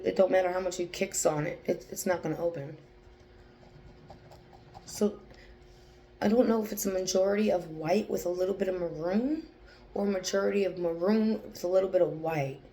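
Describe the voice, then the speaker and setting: A young woman with a low, mellow voice thinks aloud through a psychic reading. She keeps restarting and stops to focus. A faint hiss sits under her speech. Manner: hesitant, restarts, pauses to focus. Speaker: psychic channeler.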